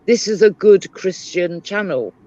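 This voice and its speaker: A British woman chatting casually on a live stream, telling animated stories. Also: mid-range voice, measured pace. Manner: animated storyteller, lively voice. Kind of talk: casual chat. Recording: dry, dull lo-fi stream audio.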